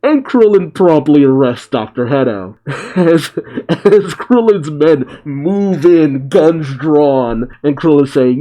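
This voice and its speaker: Brief: male reaction host, mellow and relaxed, narrating panels with quick asides. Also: mid-range voice, rough recording. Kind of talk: casual comic read-through.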